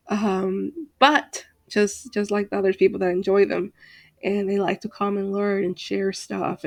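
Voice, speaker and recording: A woman with a gravelly, mid-range voice, recorded with no echo, rants casually to the camera. The channel host and Second Life roleplayer is tired from a late night and exasperated, speaking hesitantly with lots of fillers and restarts.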